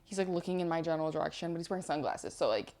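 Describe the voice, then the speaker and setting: A woman's voice: sits low, animated, racing, crowd noise. A young woman co-hosting a podcast, chatting casually and telling stories with acted-out quotes. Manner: chatty storyteller, acts out quotes. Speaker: podcast co-host. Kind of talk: casual chat.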